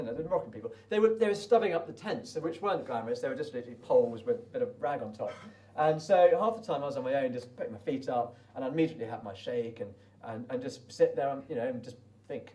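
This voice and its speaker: A British man recalls his race in a loose, chatty ramble, tripping over restarts as he speaks at a brisk clip. His voice is mellow and warm. He sits a little back from the microphone, so he sounds slightly distant. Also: a little high. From Britain. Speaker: desert race runner. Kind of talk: casual spoken recollection.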